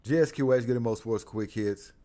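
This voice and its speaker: A man hosting a casual sports talk show, speaking animatedly, with frequent laughter and loud whoops. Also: mid-range voice, fairly quick. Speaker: sports commentary host.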